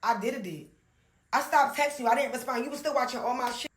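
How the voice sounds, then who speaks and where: A woman's voice: sits high, fast talker, slightly rough, no room sound. A woman telling her side of a dating story in a casual, indignant rant, reading messages aloud.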